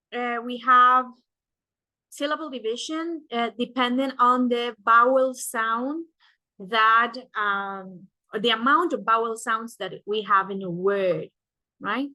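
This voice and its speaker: Woman teacher, young adult, unhurried bright delivery, dry close sound, patient explainer. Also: fairly high pitch, no room sound, poor audio. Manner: explanatory, frequent "right?" checks and "uh" fillers. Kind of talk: recorded class lesson.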